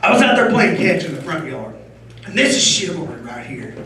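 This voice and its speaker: A middle-aged man doing a stand-up comedy set on stage, telling loud, punchy jokes with shouted bursts. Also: fairly high pitch, big pitch swings, brisk, slight background noise. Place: comedy venue stage before a live audience. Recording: echoey room from far off.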